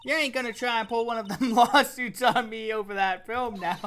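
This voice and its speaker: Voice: medium pitch, a little fast, a bit bright, slight background noise, pitched above the performer's own voice, close to an everyday voice. A streamer voicing a brash, feisty Southern country woman photographer from a game, with a put-on Southern drawl and folksy talk. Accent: put-on American Southern drawl. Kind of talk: reading game dialogue aloud on stream.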